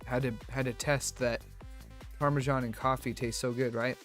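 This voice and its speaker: A man streaming, telling a story in a rambling, animated way with many restarts and fillers. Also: mid-range voice, normal speed, soft background music. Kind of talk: casual storytelling on a live stream.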